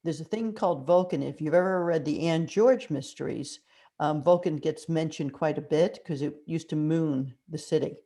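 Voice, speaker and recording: An older woman with a low voice tells stories in a relaxed interview. She shifts into little acted-out quotes as she goes. The tone is conversational and animated. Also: moderate pace. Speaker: mystery author guest.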